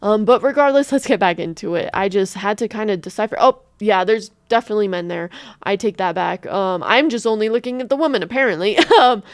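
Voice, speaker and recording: Expressive woman reacting, smooth dry voice. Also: medium pitch, a little fast, no room sound. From United States. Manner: expressive, thinks aloud, swears casually. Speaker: reaction streamer. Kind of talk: casual reaction commentary.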